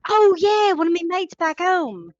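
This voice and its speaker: A woman putting on a cheerful young drow woman who talks in a high, bright Australian twang and calls everyone mate. The voice is dry and close, with slightly muffled online-call audio. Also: sing-song, unhurried, no room sound, heavily acted. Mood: chatty. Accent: Australian (put on). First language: American English. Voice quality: slangy, calls people mate. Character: female drow adventurer, young, brash and cheerful. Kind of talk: tabletop role-play.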